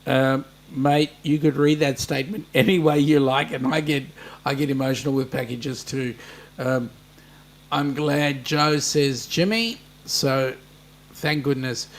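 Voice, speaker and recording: A man's voice: mid-range voice, steady tone, measured pace. An Australian man hosting a casual live-stream chat, reading out viewers' comments and answering them with plenty of ums and a friendly matey manner. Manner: chatty, addresses viewers by name, many ums.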